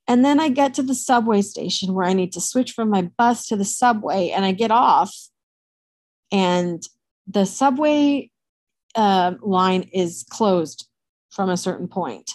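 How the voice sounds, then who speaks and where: A woman telling a personal story to camera in a candid, animated way, swearing freely. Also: medium pitch, a little slow, no room sound.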